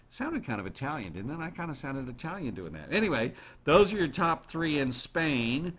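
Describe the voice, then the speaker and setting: A man hosting a show, chatting casually to his listeners in an animated way and throwing questions at the audience. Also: mid-range voice, moderate pace, hardly any pauses. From United States. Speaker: radio show host.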